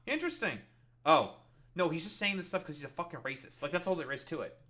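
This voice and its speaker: A man's voice: a little high, expressive, fast, bright, forceful tone. A man hosting a casual reaction show, mocking a video in a profane rant. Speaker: podcast host reacting to videos.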